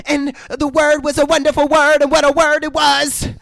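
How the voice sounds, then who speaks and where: A man's voice: extremely high pitch, monotone, moderate pace, vocal fry, a bit bright, no echo, faint music behind, voice pushed up, heavily acted. A man mimicking a possessed young woman in a sing-song mocking voice while retelling a film.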